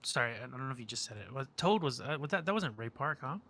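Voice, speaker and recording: A man's voice: medium pitch, lively intonation, fast talker, bright, forceful tone. A man co-hosting a podcast, chiming in on a movie discussion with questions. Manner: chimes in with questions. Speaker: podcast co-host.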